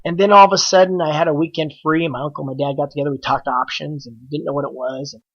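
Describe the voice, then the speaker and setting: Animated man telling a story, lo-fi. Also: fairly high pitch, fast talker. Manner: animated, acts out quoted dialogue. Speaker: podcast guest, trader. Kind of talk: casual storytelling.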